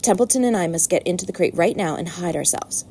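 A woman doing a soft, clever spider. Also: on the low side, expressive, fast talker, a little hiss or hum. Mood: calm. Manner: soft, composed. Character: calm, clever female spider.

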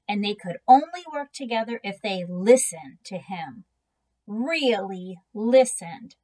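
A woman reading a children's book aloud in a gentle, unhurried storytelling manner. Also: mid-range voice, rough recording. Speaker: reader.

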